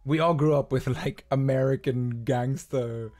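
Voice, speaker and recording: A young man with a mixed accent blending Irish and a bit of Australian over a Balinese upbringing, talking in a loose, rambling way. He laughs often, and his voice sits at a middling pitch for a man. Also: steady tone, a little slow, darkish tone. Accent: mixed Balinese-Irish with Australian touches. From Bali. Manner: chatty, rambling, laughs often, slips into impressions. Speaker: musician guest. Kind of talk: casual chat.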